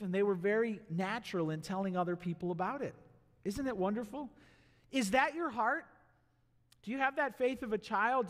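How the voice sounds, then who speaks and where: A male pastor preaching a sermon in a church, animated, asking the congregation questions and acting out voices. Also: high-pitched. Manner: animated, acts out voices and asks the crowd rhetorical questions. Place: church sanctuary. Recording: long hall reverb in a church.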